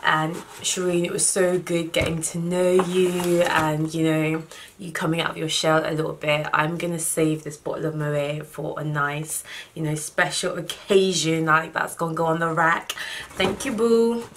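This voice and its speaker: A young woman, chatting casually through a gift unboxing vlog, warm and thankful. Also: low voice, level tone, normal speed, a little hiss or hum. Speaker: vlogger.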